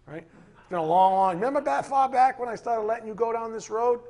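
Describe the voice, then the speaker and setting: A man's voice: extremely high pitch, normal speed. A man teaching a Bible class in a casual, joking way, acting out little voices as he goes. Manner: animated, joking, acts out voices.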